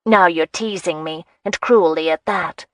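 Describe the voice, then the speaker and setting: A woman voicing a young, earnest marchioness in an audiobook, speaking briskly and earnestly. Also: fairly low pitch, dry recording, clean studio sound, natural voice. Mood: flustered.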